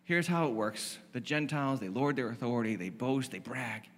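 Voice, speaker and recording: Man doing Jesus, soft-spoken patient teacher, reassuring, long hall echo. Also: mid-range voice, moderate pace. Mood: gentle. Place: church stage. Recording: long reverb of a large hall.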